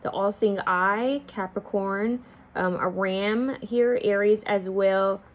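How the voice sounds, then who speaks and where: A woman's voice: mid-range voice, fairly even intonation, takes it slowly. A young woman giving an intuitive pick-a-card tarot reading, talking casually to her viewers and half-singing song lyrics as she goes. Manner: chatty, addresses viewers as y'all, half-sings song lyrics.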